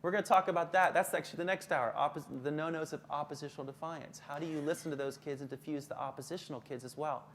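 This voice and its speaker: Lively male counselor giving a workshop. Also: fast, hardly any pauses. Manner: lively, drops to a soft low voice for calm examples. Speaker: school counselor presenting to teachers. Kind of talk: live workshop talk.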